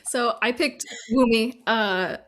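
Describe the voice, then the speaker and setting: A woman's voice: on the high side, slow, fairly bright tone. A woman co-hosting a film podcast, speaking earnestly and enthusiastically with frequent ums. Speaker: podcast co-host. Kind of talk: casual chat.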